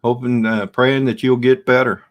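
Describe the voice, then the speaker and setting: A middle-aged man with a mid-range voice and flat delivery hosts a relaxed livestream from his home. Speaking slowly and rambling, he reads out comments from viewers and replies to them on camera.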